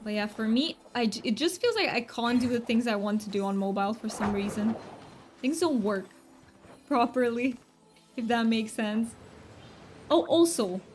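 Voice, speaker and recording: Bubbly young woman rambling on stream, kinda high voice, faint hiss behind. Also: expressive, normal speed, darkish tone. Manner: chatty, rambling, giggly. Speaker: game streamer. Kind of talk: casual chat while gaming.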